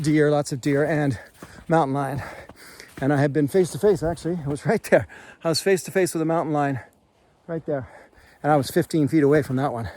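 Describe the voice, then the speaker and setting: Easygoing man chatting outdoors, higher voice. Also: a little mellow. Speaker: outdoor survival host. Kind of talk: casual talk to camera. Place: outdoors in the hills.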